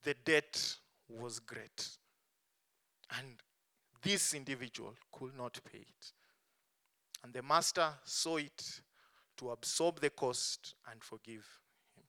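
A man preaching a sermon, stressing points strongly and letting phrase endings fall soft and low. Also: slow pace, long pauses. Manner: emphatic, swings between strong stresses and soft dropped endings.

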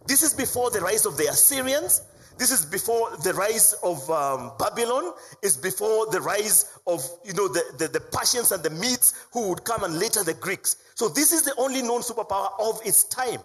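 A man preaching a sermon with a husky, slightly raised voice. His delivery is animated, rising to loud emphasis and dropping to low, hushed lines. The pitch moves widely as he preaches. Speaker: pastor.

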